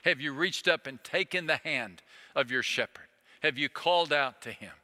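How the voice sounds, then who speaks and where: A man preaching a sermon as pastor, earnest and pleading, slowing down to repeat key phrases. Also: on the high side, pushed and bright, long reverb tail.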